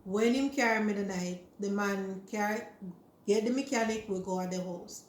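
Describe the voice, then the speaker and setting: A woman's voice: medium pitch, moderate pace, echoey room, a little hiss or hum. A woman with a Jamaican accent, retelling a story in casual chat and slipping into Jamaican Creole. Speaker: vlogger.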